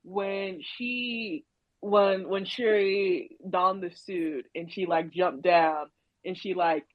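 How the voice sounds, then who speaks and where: A woman from Haiti talking in a casual chat, lively and emphatic with slang. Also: on the low side, slow pace, dry recording. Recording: dull lo-fi sound.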